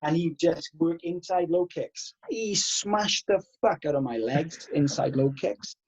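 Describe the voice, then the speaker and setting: A man in his thirties, a karate instructor guest, telling animated stories and swearing freely. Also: on the high side, measured pace, breathy edge, lo-fi sound. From Wales. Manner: animated, swears freely, acts out past exchanges. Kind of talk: casual podcast storytelling.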